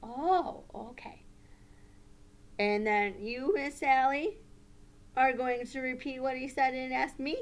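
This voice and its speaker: A woman teacher running a puppet lesson for young children, gentle and coaching. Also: sits high, a little slow, gravelly.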